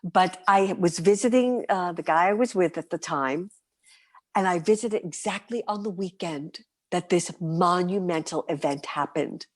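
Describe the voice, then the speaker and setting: A middle-aged woman from New City, a guest performer telling her stories in an interview, lively and vivid, sometimes dropping to a whisper. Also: fairly low pitch, moderate pace. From New York City. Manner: animated, vivid storyteller, breaks into soft whispers. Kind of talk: storytelling interview.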